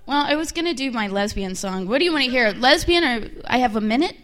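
A young woman performing a bawdy, animated stand-up comedy set. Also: fairly high pitch, fast talker.

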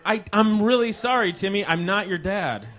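30s guy, comedy podcast host, bright high voice, dry quick jokes. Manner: playful, quick deadpan comebacks. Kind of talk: comedic improv banter.

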